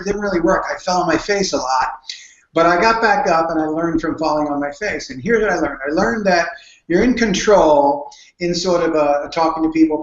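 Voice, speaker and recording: Man, high-pitched, earnest storyteller, restarts sentences, echoey room. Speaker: guest speaker on network marketing. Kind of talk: conversational interview answers. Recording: dull, roomy sound.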